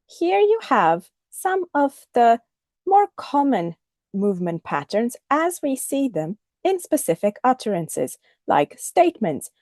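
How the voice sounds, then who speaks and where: A woman teaching a recorded lesson, speaking clearly and deliberately and modelling the intonation of example phrases. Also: medium pitch, a little mellow, dry recording, studio quality. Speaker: English teacher.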